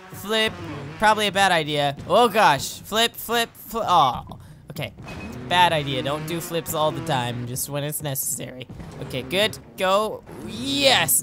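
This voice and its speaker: Young man, let's play commentary, excitable, jokey, talks to himself, wide pitch swings, faint game music behind. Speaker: gameplay commentator.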